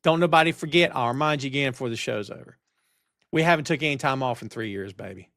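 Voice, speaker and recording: A man's voice: medium pitch, quick pace, no echo, clean studio sound. A middle-aged man hosting a live wrestling talk show, ranting with energy and reading out chat comments. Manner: animated, ranting, reads chat comments aloud. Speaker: podcast host. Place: home studio on camera. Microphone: headphones and studio mic.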